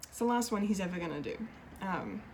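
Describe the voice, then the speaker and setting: A woman's voice: fairly low pitch, sing-song, fairly quick, a little hiss or hum. A woman giving an unscripted, emotional film review, gushing and restarting her sentences with many fillers. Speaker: pop culture video reviewer.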